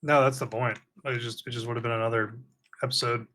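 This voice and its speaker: Crude teasing man, bright tone. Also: mid-range voice, little pitch movement, quick pace. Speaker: podcast co-host. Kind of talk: casual chat.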